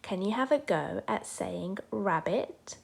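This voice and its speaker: A woman teaching a children's phonics lesson, sounding out letters and animal names slowly and clearly for young learners. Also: mid-range voice, lively intonation.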